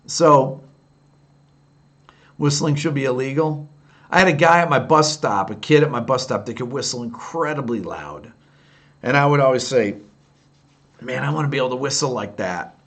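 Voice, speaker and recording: A man's voice: mid-range voice, normal speed, long pauses, fairly bright tone. Candid fifty-something man chatting on a livestream. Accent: Upstate New York. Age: 50s. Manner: candid, rambling, answers viewer comments by name. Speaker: livestream host answering chat. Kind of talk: casual late-night livestream chat.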